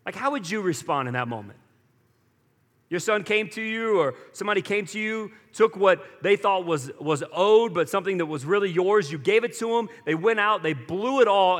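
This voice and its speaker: A man preaching in a church hall, his voice sitting a little high for a man. He talks to the room conversationally and acts out the quoted lines with rising energy. The sound carries a long hall reverb. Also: fairly bright tone. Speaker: pastor. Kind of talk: sermon.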